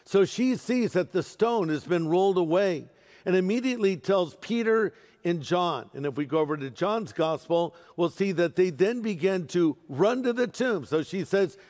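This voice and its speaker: A man preaching a sermon as pastor, animated and playful with humorous asides. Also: high-pitched, normal speed. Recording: long reverb of a large hall.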